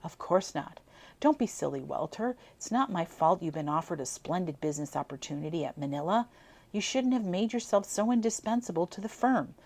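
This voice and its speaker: A woman's voice: on the low side, expressive, a little fast, darkish tone. A woman reading aloud, giving voice to a sassy nineteen-year-old girl who teases in a cool, mock-innocent way. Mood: teasing.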